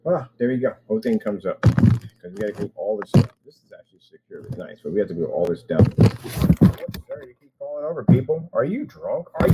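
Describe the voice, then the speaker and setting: A man's voice: lowish voice, sing-song, quick pace, heavy background noise. A man vlogging casually from an office room, rambling and chatting to himself and his pet.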